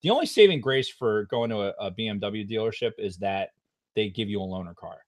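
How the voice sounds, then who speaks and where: A middle-aged man co-hosting a podcast, telling a long story in a casual, profane way with loud outbursts. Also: lowish voice, lively intonation, fairly quick. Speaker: podcast co-host.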